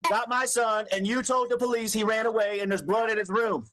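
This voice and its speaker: A man in a heated phone argument, yelling, cursing and accusing the other person of lying. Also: high voice, steady tone, a little fast. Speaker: caller on a recorded phone call.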